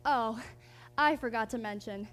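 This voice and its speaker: A woman's voice: on the high side, measured pace, a bit bright. A woman playing a sly, lisping schemer in a stage musical. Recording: theater stage, long reverb.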